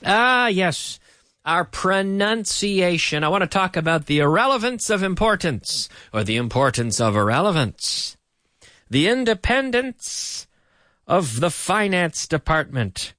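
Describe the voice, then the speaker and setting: A middle-aged man teaches English with a lively, swooping delivery, sitting a little high in his voice. He drills vocabulary by repeating words in rhythm and keeps the tone playful. The recording is close and dry, with no room sound around him. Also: dry recording. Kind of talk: English lesson for learners.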